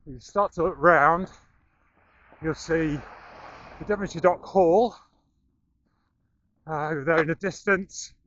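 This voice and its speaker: A man's voice: on the high side, unhurried, long pauses, a bit bright, muffled recording, a little hiss or hum. A middle-aged man, slightly out of breath, giving a running commentary with dry self-deprecating humour as he jogs outdoors. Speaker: running vlogger. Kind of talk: running commentary while jogging. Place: outdoors, running through town and over a bridge. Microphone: action camera carried while running.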